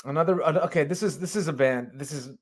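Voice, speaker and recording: A man's voice: fairly high pitch, fast talker. A man co-hosting a casual podcast chat, laid-back and swearing, hesitating over his picks. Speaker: podcast co-host.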